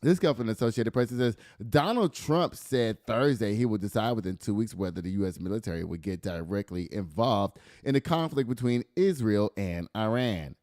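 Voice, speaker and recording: Man, casual news podcast host, animated and joking, dry close sound. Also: mid-range voice, dry recording. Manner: animated, laughing, swearing, reads news aloud then riffs.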